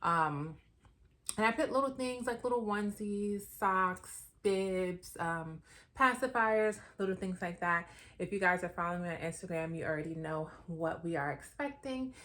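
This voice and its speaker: A woman's voice: lowish voice, lively intonation, moderate pace, a bit bright. A pregnant woman in her thirties chatting casually to her viewers while unboxing baby gifts, with lots of fillers and asides, a bit out of breath. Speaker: vlogger.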